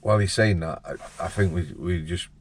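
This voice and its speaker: A man's voice: low voice, moderate pace, a little hiss or hum. A man, the interview host, talking in a blunt, colloquial way and openly moved. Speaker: host, former prison officer. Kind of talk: conversational interview.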